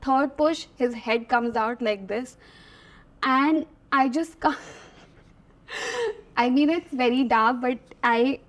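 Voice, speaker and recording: A woman's voice: high-pitched, slow, pauses often. Stell dir eine junge Frau aus Indien mit hoher, heller Stimme vor. Sie spricht Englisch mit indischem Akzent und erzählt voller Energie als Gast im Interview, lacht oft und mischt Hindi ein. Man hört eine persönliche, lebendige Erzählerin. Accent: Indian English. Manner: animated, laughing often, mixing Hindi and English. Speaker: guest. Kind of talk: storytelling in an interview.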